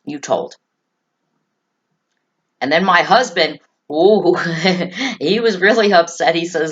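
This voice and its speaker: A woman's voice: fairly low pitch, slow, long pauses, a bit bright. Earnest woman repeating reassurances, lo-fi sound. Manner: emphatic, repeats key phrases for reassurance. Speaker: host. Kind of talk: earnest direct talk to parents and children.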